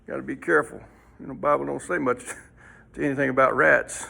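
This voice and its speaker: A man's voice: medium pitch, steady tone, fairly quick, vocal fry, pushed and bright, breathy edge. A man teaching a folksy Sunday school lesson, rambling and throwing in rhetorical questions.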